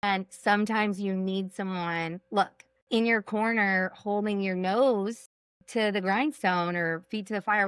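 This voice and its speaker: Woman from Texas, sales coach on a podcast, emphatic and energetic, smooth clear voice, dry close sound. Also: medium pitch, no echo. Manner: emphatic, energetic, repeats points for punch. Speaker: executive coach and sales trainer, guest. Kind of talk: podcast interview conversation.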